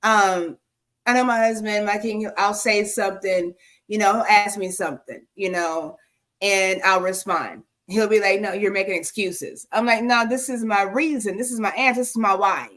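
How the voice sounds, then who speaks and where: Animated woman telling care stories. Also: medium pitch, normal speed. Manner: animated, exclaiming, with many fillers. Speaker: co-host of a senior care talk show. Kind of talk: casual storytelling chat.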